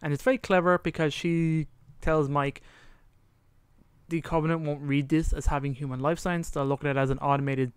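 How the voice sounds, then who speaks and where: A man's voice: fairly high pitch, steady tone, normal speed, clear, resonant tone, no room sound. A man co-hosting a podcast in casual chat, animatedly retelling a story and acting out the lines, sometimes trailing off to recall details. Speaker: podcast co-host.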